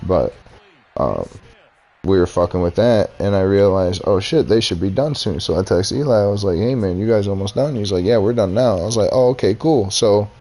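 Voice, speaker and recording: A man's voice: on the low side, animated, fairly quick, warm tone. A young man telling a heated, profane story about a fight with his boss, acting out both sides of the argument. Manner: profane, heated retelling with quoted dialogue. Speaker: streamer. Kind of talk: casual storytelling rant.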